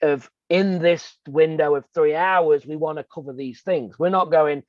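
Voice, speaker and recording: A man's voice: a little high, normal speed, no room sound. Earnest man coaching over muffled audio. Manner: earnest, explains with examples and rhetorical questions. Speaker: real estate coach and co-host. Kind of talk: conversational coaching talk.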